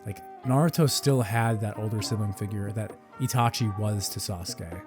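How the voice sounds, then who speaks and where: A man's voice: lowish voice, moderate pace, over music. A young adult man co-hosting a casual chat, talking in a loose, rambling way with many fillers.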